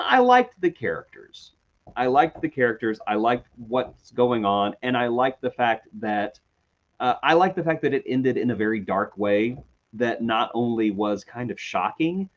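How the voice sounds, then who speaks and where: A man co-hosting a TV review podcast, talking casually in a chatty, animated way and often apologizing. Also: mid-range voice, highs cut off. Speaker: podcast co-host.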